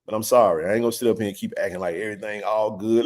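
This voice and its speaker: A man's voice: lowish voice, fairly even intonation, rapid-fire, hardly any pauses, a little mellow. A middle-aged man hosting a live sports stream, talking with passionate, blunt, emphatic energy and plenty of slang.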